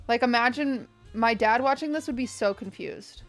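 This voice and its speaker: Young woman streamer, casual live reaction commentary, slightly high voice, faint music under it. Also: moderate pace, few pauses. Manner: chatty, rambling with restarts and asides to chat.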